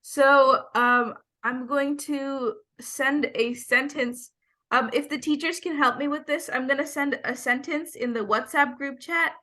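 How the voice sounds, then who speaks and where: A woman's voice: high-pitched, fairly even intonation, a little slow, bright, forceful tone. A woman teacher giving patient, step-by-step classroom instructions over a video call.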